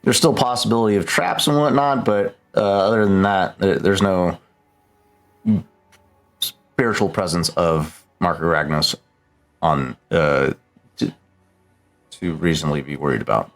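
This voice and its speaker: A man with a fairly low voice, running a tabletop game as game master. He explains things haltingly, stumbling and restarting as he goes, with faint music behind him.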